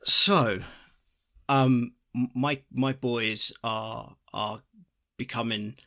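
Man, bright forceful voice, jokey, animated, casual podcast co-host. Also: mid-range voice, very slow. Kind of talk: casual chat.

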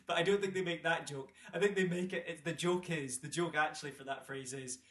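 A man's voice: a little high, brisk, roomy sound. A man co-hosting a casual chat, joking, laughing often and stumbling over his words. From Scotland. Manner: jokey, laughs often, stammers and restarts. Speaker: podcast co-host.

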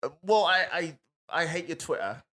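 Comedian co-host, man in his thirties, teasing banter, lively pitch. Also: normal speed. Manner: laughs often, teasing banter. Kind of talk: casual chat.

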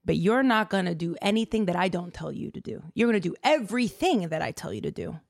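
A woman voicing a stern male angel who speaks low, quiet and firm. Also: sing-song, quick pace, gravelly, no echo, studio quality, heavily acted.

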